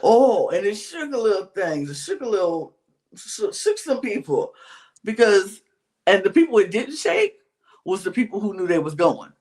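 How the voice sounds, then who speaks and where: A podcast co-host recapping a reality show in casual chat, acting out the other people's lines, sometimes in whispers, with drawn-out colloquial exclamations. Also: mid-range voice, sing-song, darkish tone.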